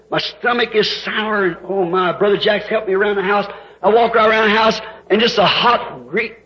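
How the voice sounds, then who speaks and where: An older man preaching a sermon, telling his story in a folksy way that rises into emotional outbursts. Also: high-pitched. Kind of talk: sermon testimony. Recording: dull lo-fi sound.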